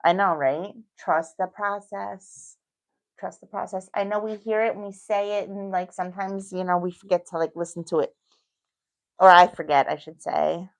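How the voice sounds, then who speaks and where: A middle-aged woman with a New York accent talks her way through a nail tutorial in a relaxed, chatty manner. Her voice sits a little low and she reassures the viewer as she works. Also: fairly quick. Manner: chatty, reassuring, thinks aloud while working. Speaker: nail technician. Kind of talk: casual tutorial talk.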